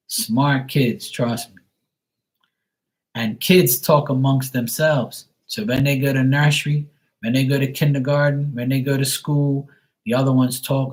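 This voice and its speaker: A blunt man rambles on a live stream, cursing freely and restarting his sentences as he goes. His voice sits in an ordinary middle range. He slips quick impressions of kids and fathers into the talk. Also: medium pitch, steady tone, darkish tone, poor audio. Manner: acts out kids' and fathers' voices in quick quotes. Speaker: tarot reader on a livestream.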